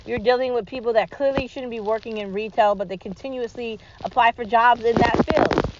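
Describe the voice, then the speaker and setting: A woman's voice: a little high, lo-fi sound, background noise. A woman talking alone in an emphatic, repetitive, rallying way, swearing freely. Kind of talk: solo monologue vlog.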